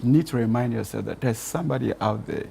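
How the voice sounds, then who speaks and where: A man's voice: mid-range voice, quick pace, creaky, slight background noise. A man, a talk show guest, earnestly telling stories and giving advice. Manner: earnest, storytelling, gently counselling.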